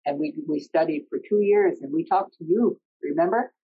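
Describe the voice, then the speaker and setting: A middle-aged woman telling a personal story in an earnest, conversational way, often pausing mid-sentence. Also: sits low, husky. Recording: dull lo-fi recording.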